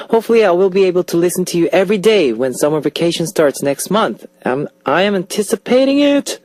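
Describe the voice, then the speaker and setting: A man's voice: sits high, darkish tone, dry recording. A young man from Australia hosting a radio show and reading out listener messages in an upbeat, chatty way, speaking into a studio microphone. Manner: upbeat, chatty, with playful outbursts.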